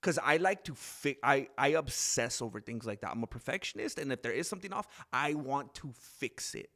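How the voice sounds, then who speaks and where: A man's voice: medium pitch, animated, a little fast, pushed and bright. A man hosting a casual live stream into a desk microphone, rambling between topics and reading chat comments aloud with frequent laughs. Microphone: desk microphone with mixer.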